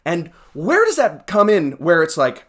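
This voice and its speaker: A man's voice: sits high, wildly swooping pitch, unhurried, fairly bright tone. A young man hosting a solo podcast, ranting in a heated, exasperated way with sarcastic asides. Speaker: podcast host.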